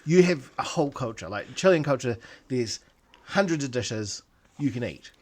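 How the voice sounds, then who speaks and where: A man with a New Zealand accent, co-hosting a podcast and telling stories in an animated, profane, ranting way. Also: mid-range voice, moderate pace, husky. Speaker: podcast co-host. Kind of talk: casual storytelling chat.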